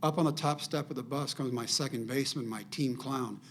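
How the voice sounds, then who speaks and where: An older man spins a personal story as a podcast guest, slipping into the voices of the people in it. His voice is gravelly, sits at an ordinary middle pitch, and carries faint background noise. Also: brisk. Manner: animated storyteller acting out quoted dialogue.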